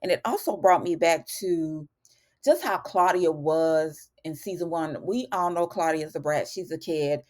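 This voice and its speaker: A woman's voice: low voice, a little slow, darkish tone. A woman chatting casually through a TV episode recap, calling her viewers y'all. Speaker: TV recap vlogger.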